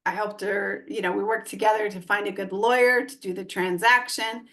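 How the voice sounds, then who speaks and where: A woman's voice: mid-range voice, moderate pace. A woman in her forties, a guest on an interview podcast, talking casually and acting out quoted lines as she tells a story. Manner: animated, acts out quoted dialogue. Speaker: guest real estate investor and coach.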